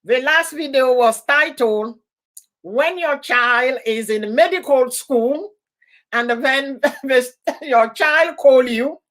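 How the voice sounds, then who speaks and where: A woman hosting a casual live stream, laughing often and heartily as she chats and repeats her warm goodbyes and thank-yous. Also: sits high, slow pace.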